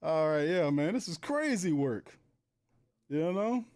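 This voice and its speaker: A man's voice: a little high, takes it slowly. A man hosting a live football watch party, calling plays, reading chat messages and laughing in disbelief. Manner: animated, laughing, reads chat aloud, play-by-play. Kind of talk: casual live game commentary.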